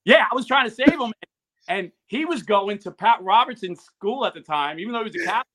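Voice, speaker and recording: A man's voice: high-pitched, expressive, brisk, sharp tone. A man tells stories in a casual interview and acts out the quoted dialogue. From New Jersey. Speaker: guest, YouTuber. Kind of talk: casual storytelling.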